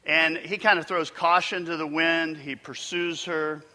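A man's voice: fairly high pitch, little pitch movement, measured pace, bright, forceful tone. A pastor preaching a conversational sermon in a church, asking his congregation questions as he goes.

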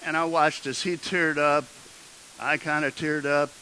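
A man's voice: on the high side, level tone, unhurried, bright, forceful tone, a little hiss or hum, poor audio. A man preaching as a pastor, telling a personal story in a conversational way with frequent restarts and building to emphatic exhortation. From Midwestern United States. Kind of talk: sermon storytelling.

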